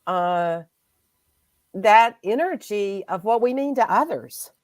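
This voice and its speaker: A woman hosting a casual spiritual chat, speaking in a gentle, reflective and heartfelt way. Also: mid-range voice, expressive, slow pace, dry recording. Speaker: host.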